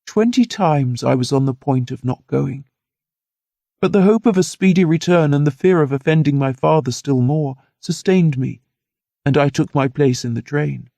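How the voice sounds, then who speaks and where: Gravelly, mellow male audiobook narrator. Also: on the high side, normal speed, no room sound. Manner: earnest, steady first-person storytelling. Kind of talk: scripted narration of a classic novel.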